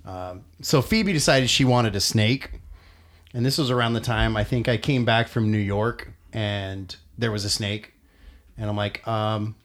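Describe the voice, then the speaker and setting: A middle-aged man telling a family story in casual chat, expressive and peppered with swearing and ums. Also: lowish voice, unhurried. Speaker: podcast co-host.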